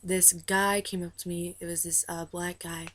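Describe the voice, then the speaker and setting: A woman telling a story to camera in a rambling, excitable way, full of "like" and "uh". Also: lowish voice, moderate pace. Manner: rambling, heavy use of "like" and "uh"; excitable, gushing. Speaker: vlogger recounting a concert meet-and-greet.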